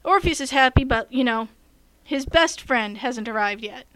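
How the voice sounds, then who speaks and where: A woman's voice: a little high, moderate pace, fairly bright tone, dry recording. A woman who runs tabletop games, telling a long story in casual chat, full of fillers and restarts. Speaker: game master telling a story.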